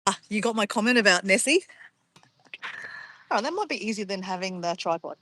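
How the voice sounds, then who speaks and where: An Australian woman talks casually to her livestream viewers while sitting outdoors by a pond. Her voice is mid-pitched and close and dry on the phone mic, and she keeps getting sidetracked as she chats. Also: animated, brisk, pushed and bright, dry recording. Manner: chatty, easily sidetracked, addresses viewers as guys. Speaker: livestream vlogger.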